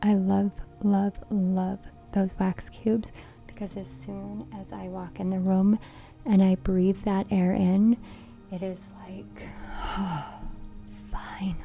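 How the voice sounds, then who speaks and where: A middle-aged woman doing a casual card reading, playful and giggly, often dropping into a soft whisper. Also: mid-range voice, flat delivery, slow pace, gravelly, soft background music. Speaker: tarot reader.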